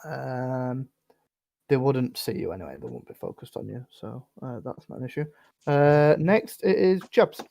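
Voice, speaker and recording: A man narrating as dungeon master in a relaxed, rambling way, full of fillers. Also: mid-range voice, unhurried, vocal fry, no room sound. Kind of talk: narrating a tabletop game.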